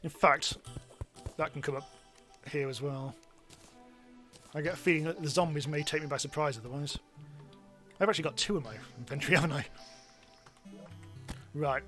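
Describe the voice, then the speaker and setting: A man narrates his gameplay live in a loose, chatty way, mocking himself and breaking into excited yelps. His voice sits a little high for a man. Soft game music plays faintly behind him. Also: moderate pace, pauses often. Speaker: game streamer. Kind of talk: live let's-play commentary.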